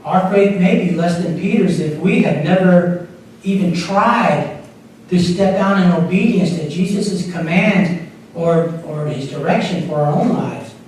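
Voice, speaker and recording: Here the associate pastor's high-pitched, slightly mellow voice moves a little slowly as he preaches in a chatty way, now and then repeating or restarting. The church sanctuary echoes, the recording is distant, and a bit of background noise comes through.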